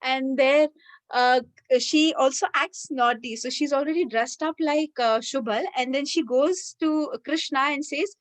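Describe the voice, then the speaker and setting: A woman giving a devotional talk, telling a sacred story with lively, animated delivery. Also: high-pitched, unhurried, no echo. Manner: animated storyteller, many fillers. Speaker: devotional speaker.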